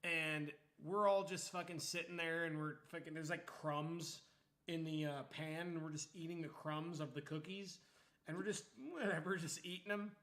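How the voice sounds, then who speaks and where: A young man streaming, chatting casually and telling a story with lots of swearing and loud, animated retellings. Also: a little high, normal speed. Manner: animated, swears freely, acts out quotes loudly.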